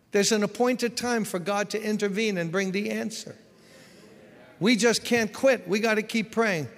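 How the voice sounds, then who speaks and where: Male pastor, exhorting sermon, gravelly, echoey sanctuary. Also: high voice. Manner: exhorting, conversational, rhetorical questions. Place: church sanctuary.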